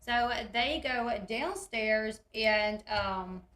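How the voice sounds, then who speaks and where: A woman's voice: on the high side, extremely slow, a bit bright, echoey room. A woman, retelling reality TV scenes in a chatty, giggly way and acting out the quotes. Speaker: recap host. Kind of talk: casual reality TV recap.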